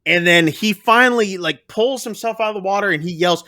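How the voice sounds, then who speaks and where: Speaking fairly quickly with few pauses, this high-voiced man walks through a horror film scene by scene on his podcast. He keeps it casual and lively, performing the characters' dialogue.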